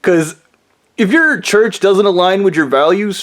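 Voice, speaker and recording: A man's voice: high-pitched, animated, measured pace. A man vlogging a profane, rambling monologue in a bitter, aggrieved tone. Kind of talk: ranting monologue.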